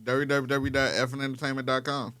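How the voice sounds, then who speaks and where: A man's voice: mid-range voice, flat delivery, fast talker, bright, forceful tone, clear, resonant tone. A man co-hosting a comedy podcast, bantering and slipping into a put-on London accent for laughs. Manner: jokey, drops mock cockney bits. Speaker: podcast co-host.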